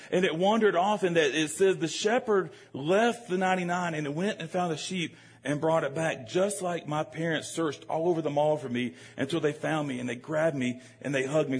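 A man delivers a sermon, his voice slightly husky and a touch higher than most. He talks straight to the congregation, animated and joking. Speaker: preacher. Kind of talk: storytelling sermon.

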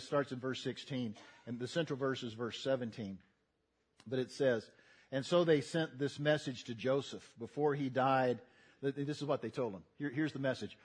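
A man's voice: medium pitch, breathy edge. An older man preaching a sermon, folksy and earnest, building to emphatic repetition. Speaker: pastor.

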